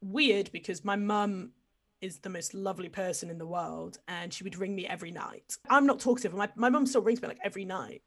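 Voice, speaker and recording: A woman's voice: mid-range voice, a little fast. Young woman, casual storytelling, candid, filler-heavy chat. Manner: candid, lively, lots of fillers.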